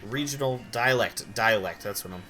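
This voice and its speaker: A sleepy young man from Idaho chatting casually on a live stream while gaming, rambling with quick outbursts. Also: mid-range voice, bright, forceful tone, faint music behind. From Idaho, USA.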